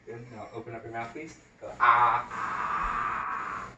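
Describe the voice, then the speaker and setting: In this skills demonstration, a young male nursing student of medium pitch speaks quickly while explaining a health exam one step at a time. He hesitates a lot, dropping ums and uhs throughout, and the audio is muffled and noisy, recorded from a distant mic in an echoey room with him off-mic.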